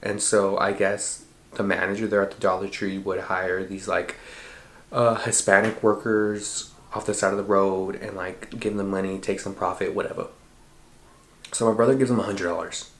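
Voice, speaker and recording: A man's voice: low-pitched, moderate pace, echoey room. A man telling a dream story in a casual podcast monologue, swearing freely and acting out the lines of the people in it. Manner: profane, animated retelling with quoted voices. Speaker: podcast host.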